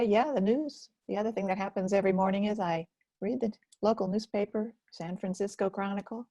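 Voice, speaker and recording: A woman teaches a live self-care webinar, reading out the chat as she goes. She speaks slowly and gently, often sinking into a soft near-whisper. Her voice has a husky, gravelly texture, picked up dry and close on a computer mic. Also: mid-range voice, no room sound.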